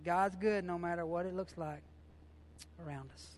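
A high-pitched male pastor delivering a fervent, down-to-earth sermon. He talks to the congregation like a friend, circling back on phrases and dropping casual grammar. A faint hiss sits under his voice. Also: fairly even intonation, moderate pace. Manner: impassioned, conversational preaching with repeated phrases; colloquial, informal grammar.

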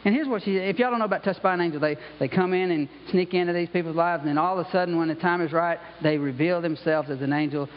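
Talking fast and barely pausing, a male pastor with a fairly high voice preaches in a conversational style, peppering his words with "you know" and "okay." A long sanctuary reverb hangs over the dull-sounding recording.

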